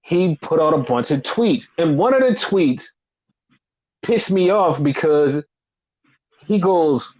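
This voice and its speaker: Heated, profane man ranting fast. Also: on the high side, expressive, a little mellow, rough recording. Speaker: wrestling podcast host. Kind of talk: casual rant.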